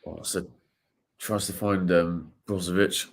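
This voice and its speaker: A man co-hosting a football watchalong, calling the play in a relaxed way with fillers. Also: low voice, a little slow, creaky. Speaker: co-host of a live watchalong. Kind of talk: live match commentary and casual chat.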